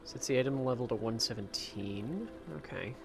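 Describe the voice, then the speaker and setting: A man's voice: medium pitch, moderate pace, music in the background. A man hosting a casual gameplay livestream, chatting in a rambling way and swearing now and then.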